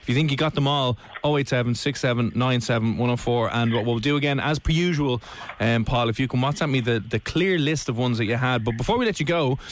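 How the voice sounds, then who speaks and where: A man's voice: medium pitch, fast, a little hiss or hum. A man hosting a radio show, upbeat and teasing, laughing easily with his guests. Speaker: radio host. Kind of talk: casual radio chat.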